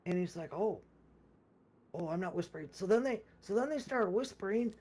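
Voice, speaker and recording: Here's someone animated and a bit mellow, at medium pitch and normal speed, casually recounting a gaming session in a long, rambling way. They keep restarting and repeating words, performing others' lines as quotes along the way.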